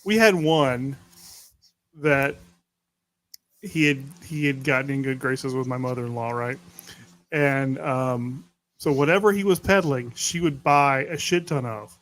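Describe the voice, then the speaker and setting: A man's voice: medium pitch, a little slow, a bit bright. A man co-hosting a podcast, telling stories in casual chat in a wry, blunt way with casual swearing. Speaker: podcast co-host.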